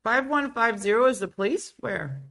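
A woman's voice: on the high side, lively intonation, normal speed, creaky, a bit bright. A woman hosting a casual livestream chat from home, playfully riffing on viewer comments. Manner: playful, reads viewer comments aloud and riffs on them. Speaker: show host.

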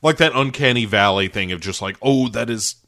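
A man's voice: mid-range voice, a little fast, pushed and bright. An American man co-hosting a podcast, chatting casually about movies in a rambling, wry way. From United States. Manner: rambling, wry, breaks into laughs. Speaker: podcast co-host.

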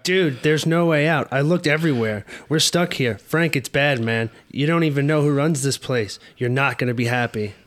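A man's voice: mid-range voice, moderate pace, few pauses, lightly acted. A man playing a defeated, frightened young friend in a comedy podcast skit, talking in a somber way.

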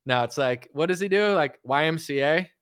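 A man's voice: on the high side, expressive, normal speed, fairly bright tone, clear, resonant tone, no room sound, studio quality. A man ranting sarcastically on a casual livestream as a political commentator, rambling with constant fillers.

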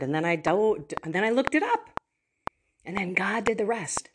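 A woman hosting a Catholic podcast, telling personal faith stories in an earnest, animated way with laughs and asides. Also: medium pitch, normal speed. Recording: audible background noise.

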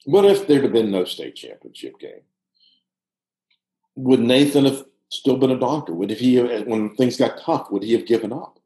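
A man in his sixties from Pittsburgh, telling a long personal story in a casual, halting way with frequent restarts. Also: medium pitch. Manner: animated, halting with restarts, drops to hushed tones. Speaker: guest storyteller, former soccer coach. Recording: roomy echo.

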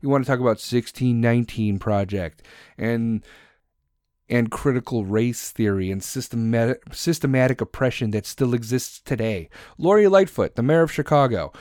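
A man's voice: medium pitch, normal speed, a little mellow, no echo, clean studio sound. A man delivering a heated, sarcastic monologue full of swearing. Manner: mocks others in put-on voices. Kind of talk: profane ranting monologue.

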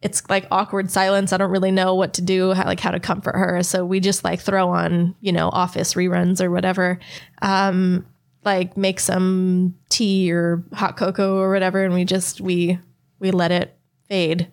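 A woman's voice: lowish voice, completely flat delivery, moderate pace, creaky. A young woman telling a story in casual chat as a podcast co-host, chatty and cursing freely, acting out what people said. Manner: chatty, swears freely, acts out quoted voices.

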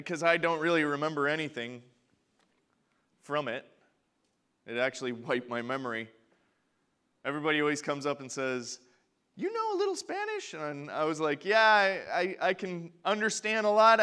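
Bright-voiced passionate man preaching a sermon. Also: a little high, expressive, normal speed, clean tone. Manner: passionate, swings from soft to loud when acting out prayers. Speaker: pastor. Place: church before a congregation.

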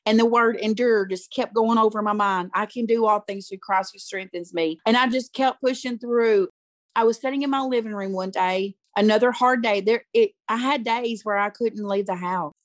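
A woman's voice: a little high, normal speed, no room sound. A middle-aged woman and youth pastor telling her personal story in conversation, earnest and emotional, repeating phrases for emphasis.

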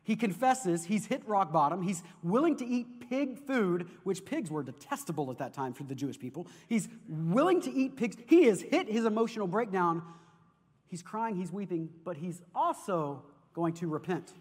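A man preaching a sermon as pastor, telling stories in an animated way and often repeating words as he goes. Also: sits high, normal speed. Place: church sanctuary. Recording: long reverb of a large hall.

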